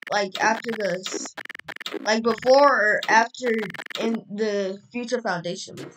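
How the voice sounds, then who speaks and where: A woman's voice: a little high, unhurried, recorded from a distance, noisy background. A woman chatting casually during a game roleplay, rambling with lots of filler words. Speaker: roleplay player.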